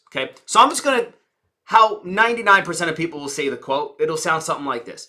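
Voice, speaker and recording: A man teaching public speaking, who punctuates points with dramatic stress, rhetorical questions and sudden drops to a low, soft voice. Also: expressive, quick pace. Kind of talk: presentation skills lesson.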